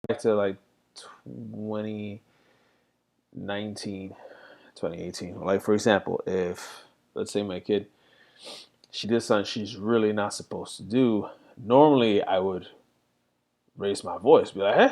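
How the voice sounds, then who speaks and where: A man's voice: on the low side, measured pace, creaky, long pauses, a little mellow. A middle-aged man reflecting candidly in a rambling casual monologue, full of fillers. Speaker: vlogger.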